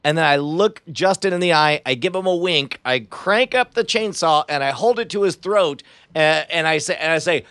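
A man playing a tabletop role-playing game, stammering through ideas and breaking into loud in-character shouts. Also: a little high, moderate pace, clear, resonant tone, no echo. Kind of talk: improvised role-play banter.

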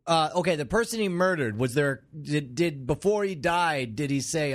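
A man's voice: a little high, expressive, moderate pace. A man doing comedic improv, rambling through theories with puns and riffs. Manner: rambling, riffing, wordplay. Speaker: improv player.

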